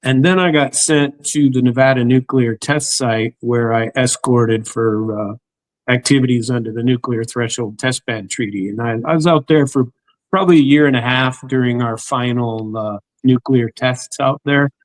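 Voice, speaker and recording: A man's voice: mid-range voice, moderate pace, dry recording, poor audio. A middle-aged man hosting an interview, talking casually with many restarts. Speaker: interview host. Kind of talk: casual conversation.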